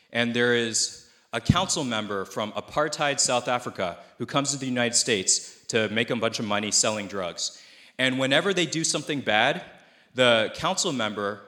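Bright-voiced man preaching a sermon. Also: mid-range voice. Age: 30s. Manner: conversational, self-deprecating, with restarts. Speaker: pastor.

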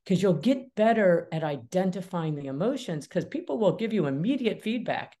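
A middle-aged woman, a guest mediator and author, talking with animated energy in a podcast interview and laughing often. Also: fairly low pitch, normal speed, hardly any pauses. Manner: lively, animated, laughs often, acts out dialogue.

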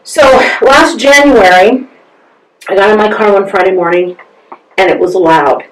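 A woman's voice: mid-range voice, a little slow, slight background noise. A woman, a guest on an interview podcast, telling a personal story with lots of energy and acting out both sides of the conversations. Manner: acts out both sides of conversations, laughs often. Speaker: interview guest, massage therapist. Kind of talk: animated storytelling. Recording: roomy sound from a distance.

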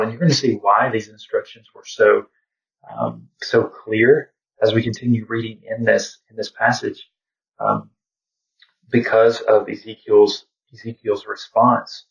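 A man's voice: fairly low pitch, fairly even intonation, unhurried, vocal fry. A man leading an informal Bible study, talking in a reflective, conversational way and often saying "you know". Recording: distant, dull lo-fi sound.

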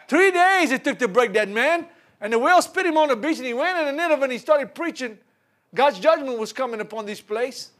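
High-voiced man preaching a lively sermon. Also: normal speed. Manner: animated storytelling with laughs and repetitions.

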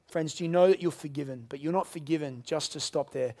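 A man preaching a sermon, swinging between loud emphatic lines and hushed quiet ones. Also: fairly high pitch, a little fast, few pauses. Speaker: pastor.

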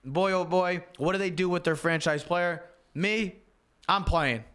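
A man's voice: high voice, a little slow, a bit bright, smooth. A man hosting a sports talk show, chatting casually, blunt and emphatic, laughing often. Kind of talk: casual sports radio chat.

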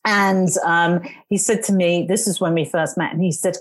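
A woman guest telling lively stories in casual conversation, acting out the people she quotes. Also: on the low side, moderate pace, hardly any pauses. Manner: lively storyteller, acts out voices in quotes.

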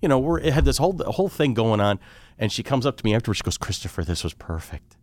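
Co-hosting a podcast, a man in his forties tells stories in casual chat, animatedly acting out what people said. He talks very fast in a mid-range voice, and the recording is dry.

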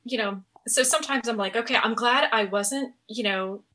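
A middle-aged woman chatting on a podcast as a guest author, telling animated stories and acting out quotes. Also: a little high, normal speed. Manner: animated storyteller, acts out quotes. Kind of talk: casual podcast chat.

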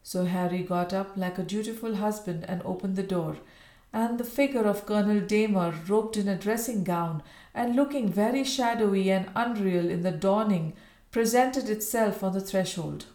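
A woman narrating a Victorian novel in a measured, even way. Her voice sits at a middle pitch. The recording carries a roomy echo. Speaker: audiobook narrator.

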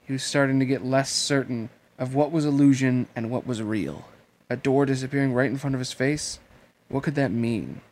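A man's voice: medium pitch, moderate pace, darkish tone. A man reading a novel aloud and then chatting casually, swearing freely and enthusiastic. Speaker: reader and host.

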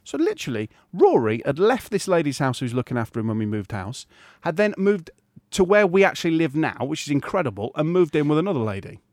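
Podcast co-host, middle-aged, lively storyteller, dry close sound, swoops in pitch. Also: male voice, fast talker, no echo. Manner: animated anecdote-telling, laughs often, acts out quoted voices. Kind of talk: casual storytelling chat.

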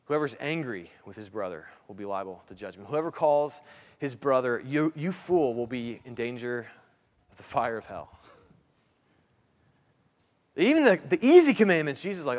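A man's voice: medium pitch, very animated, normal speed, long pauses. A man in his thirties preaching a sermon in a conversational way, restarting phrases and asking his listeners "right?". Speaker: pastor. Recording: long hall reverb.

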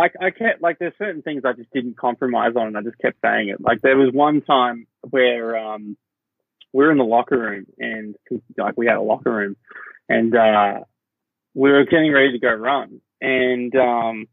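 A man's voice: medium pitch, gravelly, dry recording. A young Australian man chatting as a podcast guest, rambling and restarting his sentences as he tells stories. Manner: rambling, self-interrupting storyteller with fillers. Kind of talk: casual chat. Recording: dull lo-fi sound.

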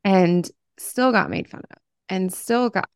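A middle-aged woman from Southern Ohio hosting a podcast, talking in an effusive, expressive way. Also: medium pitch, measured pace, smooth, no room sound, clean studio sound. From Southern Ohio, Appalachia. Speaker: podcast host. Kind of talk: conversational interview.

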